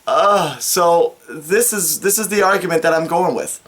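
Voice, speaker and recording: A woman's voice: fairly low pitch, measured pace, few pauses. Exasperated woman ranting in commentary. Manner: exasperated, ranting, self-critical. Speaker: commentary video creator.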